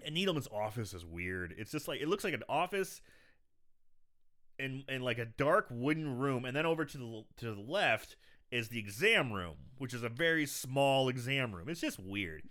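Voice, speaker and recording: A man's voice: mid-range voice, big pitch swings, bright, forceful tone. A man casually recapping a movie scene by scene on a podcast, rambling, swearing and laughing easily. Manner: rambling, profane, quick to laugh. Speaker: podcast host.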